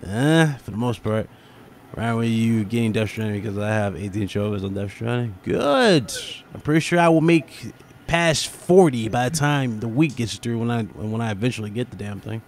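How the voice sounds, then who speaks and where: A man's voice: mid-range voice, expressive, moderate pace, slight background noise. A man hosting a casual gaming podcast, brash and profane, laughing often. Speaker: gaming channel host.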